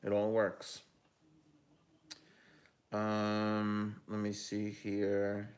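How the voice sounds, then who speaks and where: Casual lower-voiced man hosting a hockey stream. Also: completely flat delivery, very slow. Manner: casual, chatty, with frequent ums and self-corrections. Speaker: hockey talk show host and analyst. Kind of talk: live-stream sports talk, reading chat.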